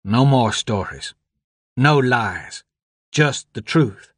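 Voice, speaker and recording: A man's voice: mid-range voice, animated, slow pace, fairly bright tone, breathy edge, no room sound, clean studio sound, exaggerated voice. A man reading an audiobook, voicing an angry grown man who speaks in clipped, seething demands.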